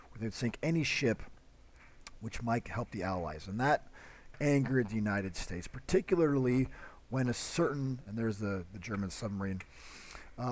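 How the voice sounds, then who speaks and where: A man teaching a history lesson in a loose, conversational way, full of fillers and little acted-out quotes. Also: medium pitch. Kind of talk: casual classroom lecture.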